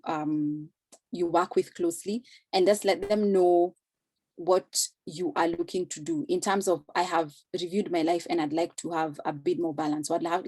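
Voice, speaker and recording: A woman's voice: fairly low pitch, a little mellow, dry recording. A woman speaking earnestly on a video call, explaining career advice in a conversational way and acting out short example phrases.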